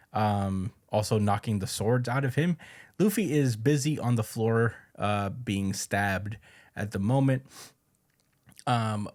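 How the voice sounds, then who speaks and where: A man hosting a podcast, casually recapping a manga chapter in a loose, profane way and chuckling as he goes. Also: fairly low pitch. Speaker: podcast host.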